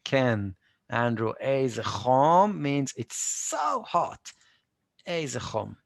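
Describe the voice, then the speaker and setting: A man with an Israeli accent teaching a live online Hebrew class, repeating words slowly and patiently and answering students by name. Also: medium pitch, very animated, gravelly, no room sound, clean studio sound. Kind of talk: live online language lesson.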